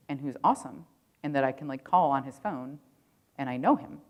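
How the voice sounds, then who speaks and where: Very low-voiced woman telling a casual story. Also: a little mellow. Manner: casual, profane, full of "like" fillers. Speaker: keynote speaker. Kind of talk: conference keynote storytelling. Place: conference stage.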